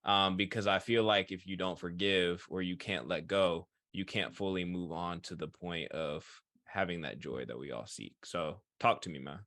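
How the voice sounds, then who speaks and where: A man with a deep, low voice asks halting, thoughtful questions, recorded close and dry. He often pauses with ums as he puts his questions in a podcast chat. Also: fairly bright tone, no room sound.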